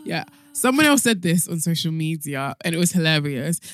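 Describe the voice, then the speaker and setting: A woman hosting a podcast, opinionated and laughing often, slowing down to make her points in casual chat. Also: low voice, very animated, fairly bright tone. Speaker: podcast host.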